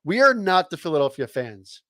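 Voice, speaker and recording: A man's voice: a little high, big pitch swings, moderate pace, bright, forceful tone, no echo, studio quality. A man co-hosting a live sports show, ranting bluntly and profanely as a heated fan. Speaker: co-host.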